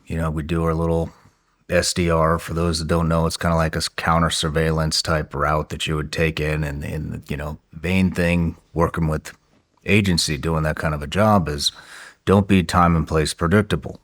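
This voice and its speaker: Very deep-voiced blunt man telling stories. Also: level tone, moderate pace. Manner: blunt, matter-of-fact, profane. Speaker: podcast host. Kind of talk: conversational war storytelling.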